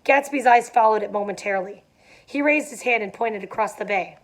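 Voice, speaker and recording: A woman's voice: mid-range voice, a little fast. A young adult woman reading a novel aloud, dropping in casual asides with fillers. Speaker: reader.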